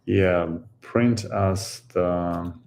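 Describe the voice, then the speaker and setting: Slow, gravelly low-voiced man thinking aloud. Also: fairly even intonation, a little mellow, slight background noise. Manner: halting, musing, many pauses and fillers. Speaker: coding tutorial host. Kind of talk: thinking aloud while coding.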